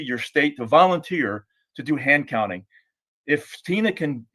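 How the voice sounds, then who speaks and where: A man's voice: medium pitch, a bit bright. A man speaking earnestly and emphatically on a group call, with frequent restarts. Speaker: guest speaker; podcast co-host. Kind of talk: impassioned call remarks.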